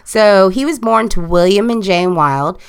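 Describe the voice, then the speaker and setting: A young woman co-hosts a laid-back podcast in an unhurried, drawn-out way. She rambles through her notes with jokes and asides, and her pitch sits in a middle range. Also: very noisy. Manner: slow, rambling, jokey storytelling from notes. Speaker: podcast co-host. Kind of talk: casual chat.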